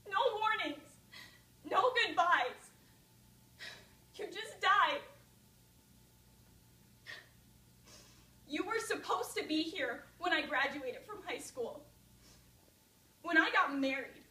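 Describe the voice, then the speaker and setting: A woman's voice: on the high side, close to an everyday voice. A teenage girl performing a monologue as a grieving young mother speaking at her father's grave, tender and reminiscing. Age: late teens. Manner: tender, reminiscing, rising to anguished outbursts. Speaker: student performer. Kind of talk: oral interpretation monologue. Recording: echoey room, mic at a distance.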